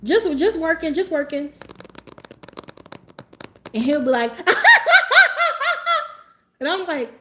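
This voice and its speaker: A woman livestreamer telling stories in a sassy, animated way and laughing often as she talks. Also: sits high, measured pace, long pauses, a little hiss or hum. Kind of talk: casual livestream storytelling.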